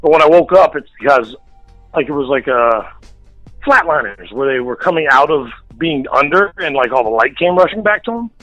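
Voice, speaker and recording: A man's voice: a little high, expressive, moderate pace, a bit bright, dry recording, highs cut off, faint music behind. Blunt, profane man telling a story. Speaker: guest. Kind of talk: casual storytelling interview. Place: radio studio.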